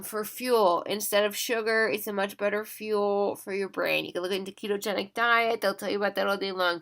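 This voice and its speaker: A woman's voice: medium pitch, a bit bright. A woman, talking to camera in a casual monologue, tired and yawning, earnest and pleading, repeating and restarting her words. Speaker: vlogger.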